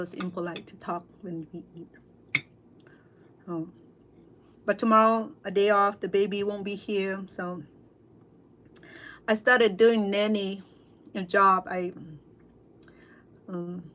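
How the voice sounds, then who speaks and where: Chatty Cambodian woman with halting speech. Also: medium pitch, steady tone, a bit bright. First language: Khmer. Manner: chatty, halting, with frequent fillers and restarts. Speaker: cooking vlogger and interpreter. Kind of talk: casual livestream chat while eating. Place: at home at a dinner table.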